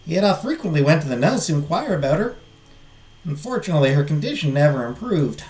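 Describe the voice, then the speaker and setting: A man voicing a wistful young woman farmer who mourns her siblings, with a put-on Southern drawl, telling her story slowly and sadly. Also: on the high side, sing-song, darkish tone, roomy sound. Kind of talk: reading game dialogue aloud.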